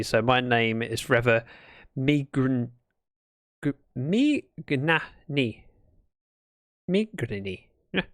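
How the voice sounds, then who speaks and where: A chatty livestreamer whose voice swoops up and down with animated pitch. The talk is playful and rambling, full of asides to viewers. It sounds close and dry, with no room around it. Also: no room sound. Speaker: Minecraft livestreamer. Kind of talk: casual gaming livestream chat.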